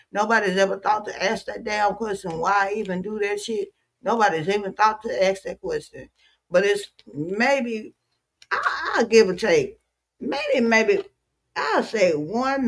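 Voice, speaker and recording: A weary woman streamer venting to her viewers in a frustrated, repetitive, profane rant. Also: mid-range voice. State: weary, worn out. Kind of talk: emotional livestream rant.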